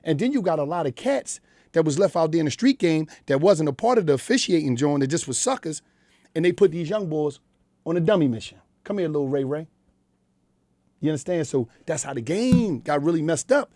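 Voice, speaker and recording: Fast-talking Philadelphia man, blunt. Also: a little high, animated, mellow, dry recording, studio quality. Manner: blunt, profane street storytelling. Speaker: guest. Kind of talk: candid interview talk. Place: radio studio.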